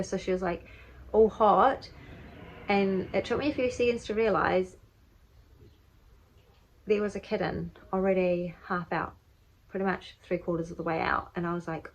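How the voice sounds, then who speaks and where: A woman's voice: on the low side, fairly even intonation, moderate pace, gravelly, poor audio. A woman with a New Zealand accent, a mother telling a casual, rambling story for her vlog at home. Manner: chatty, rambling, many fillers like "like" and "um". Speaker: vlogger and mother. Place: home, indoors.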